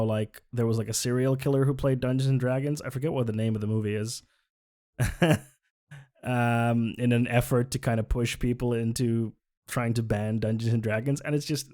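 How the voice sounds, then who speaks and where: A man with a mid-pitched voice does casual live commentary on a stream. He is sarcastic and exasperated, swears freely and laughs often. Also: warm tone. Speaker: livestreamer.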